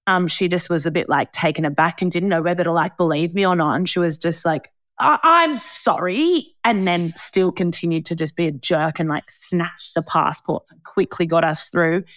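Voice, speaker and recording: A young Australian woman tells a story on her podcast, laughing often and swearing freely. Her voice sits a little low. The sound is dry and close. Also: fairly even intonation, fairly quick, hardly any pauses, no room sound. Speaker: podcast host. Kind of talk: casual chat.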